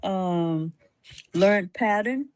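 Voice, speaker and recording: A woman hosting a casual talk, speaking calmly with many fillers and restarts and frequent laughs. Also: medium pitch, extremely slow, no echo. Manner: laughs often. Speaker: host. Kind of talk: casual chat about teaching.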